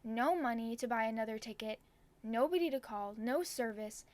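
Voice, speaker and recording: A woman's voice: fairly high pitch, expressive, moderate pace. A woman in her twenties telling a personal story to camera, chatty and full of "like". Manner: chatty, heavy use of "like". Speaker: vlogger. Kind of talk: storytime vlog.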